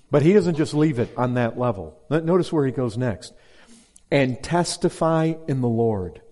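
A man preaching an expository sermon to a congregation, emphatic and direct, repeating key words and dropping low and slow for stress. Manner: emphatic, swings between loud stress and low slow drops. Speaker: pastor.

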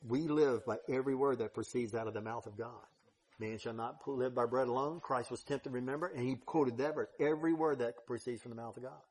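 A man preaching a sermon, with emphatic stresses and sudden quiet drops. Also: medium pitch, slightly rough.

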